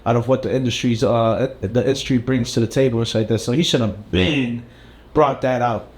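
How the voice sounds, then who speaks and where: A man's voice: medium pitch, brisk, a little mellow. A man co-hosting a podcast in casual chat, laid-back and rambling with filler phrases. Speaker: podcast co-host.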